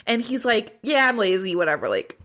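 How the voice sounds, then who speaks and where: A woman co-hosts a podcast in casual chat, her pitch leaping up and down. She is emphatic and quick to agree, acting out the characters' lines in quotes. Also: sing-song, a bit bright. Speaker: podcast co-host. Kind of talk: casual chat recapping a TV episode.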